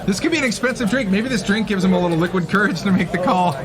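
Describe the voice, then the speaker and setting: Excitable male poker color commentator, high-pitched, over a loud crowd. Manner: excitable, quick reactions. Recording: loud crowd noise behind.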